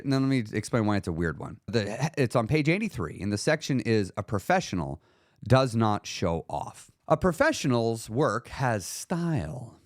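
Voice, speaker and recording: Animated man hosting a solo podcast. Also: medium pitch, no echo, studio quality. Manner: animated, emphatic, acts out quoted voices. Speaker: podcast host and weight loss coach.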